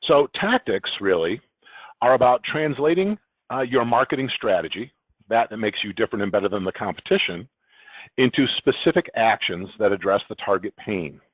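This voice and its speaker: A man presenting sales and marketing methods as a consultant, in a measured, explanatory way with occasional ums. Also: on the low side, expressive, husky, no room sound, poor audio. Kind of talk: business presentation.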